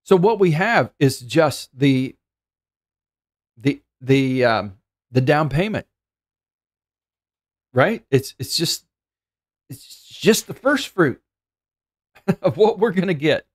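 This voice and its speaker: Earnest pastor preaching, fairly high voice. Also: male voice, animated, slow, pauses often. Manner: earnest, thinks aloud and repeats words. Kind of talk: sermon.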